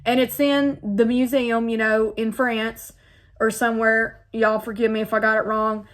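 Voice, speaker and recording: Woman, faith vlogger; earnest personal testimony, a little high-pitched, talks straight to her viewers. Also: level tone, moderate pace. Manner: earnest, heartfelt, repeats phrases, addresses viewers directly.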